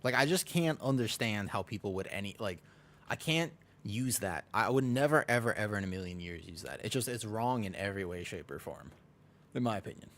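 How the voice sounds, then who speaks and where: A man's voice: fairly low pitch, expressive, a little fast, fairly bright tone. A man streaming a game, chatting casually in a rambling, self-mocking way, with many restarts and laughs. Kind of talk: casual live-stream chat while gaming.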